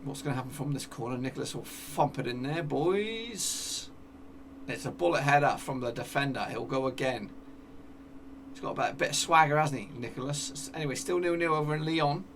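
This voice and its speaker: A man giving excitable live commentary over a football management game, cheering at goals and talking to his players. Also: medium pitch, brisk, recorded from a distance, a little hiss or hum. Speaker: gaming YouTuber.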